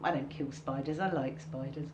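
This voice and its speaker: A woman giving an informal recorded workshop lesson, talking casually and acting out reactions in sudden high bursts. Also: steady tone, moderate pace, darkish tone, slight background noise. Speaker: workshop teacher.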